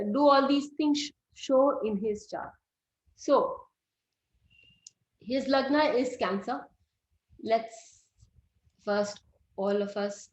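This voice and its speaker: A middle-aged woman gives a classroom lecture, explaining step by step and quizzing her students. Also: a little high. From India. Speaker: astrology teacher. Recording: roomy, slightly dull recording.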